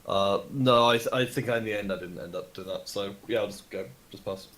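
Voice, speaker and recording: A man's voice: fairly low pitch, brisk, fairly bright tone. A man playing a tabletop game, hesitant and full of ums, with a playful streak. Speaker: player. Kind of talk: casual tabletop play.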